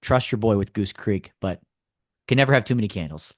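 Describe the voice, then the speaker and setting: A man co-hosting a podcast in casual chat, easygoing, with lots of filler words and shout-out asides. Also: lowish voice, lively intonation, a little fast, no echo, clean studio sound. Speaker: podcast co-host.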